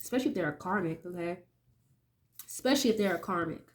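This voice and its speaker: A young tarot reader with a fairly low voice talks quickly through a casual reading, sniffling as she recovers from a cold. She's chatty, curses casually, and keeps asking "okay?".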